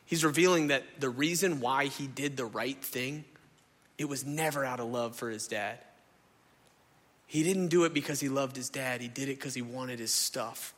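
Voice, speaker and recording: Animated preacher in a hall. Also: male voice, mid-range voice, normal speed. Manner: animated, conversational preaching, addresses crowd as y'all. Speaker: pastor. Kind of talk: sermon. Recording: echoey hall.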